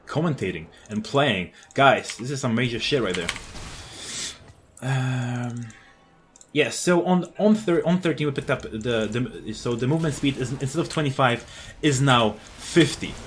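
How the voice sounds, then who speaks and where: Excitable male gamer commentating live play. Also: mid-range voice, a little slow, a little hiss or hum. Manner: excited, swears at enemies, frequent fillers and restarts. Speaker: gameplay commentator.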